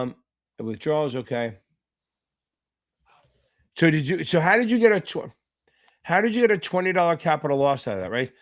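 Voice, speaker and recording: Casual, joking male exam tutor. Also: a little high. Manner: casual, joking, swears freely; reads out viewer names, chatty asides. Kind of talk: live online Q&A lesson.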